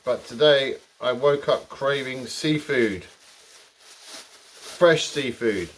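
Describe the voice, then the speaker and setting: A man's voice: mid-range voice, distant mic, slight background noise. A man hosting his own cooking channel, talking to camera in a chatty, rambling way with jokey asides. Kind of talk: casual cooking vlog.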